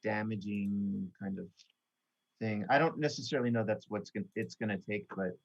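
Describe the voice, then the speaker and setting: A man's voice: lowish voice, steady tone, moderate pace. A man who plays in a tabletop game, rambling hesitantly in casual chat. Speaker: player. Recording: dull lo-fi audio.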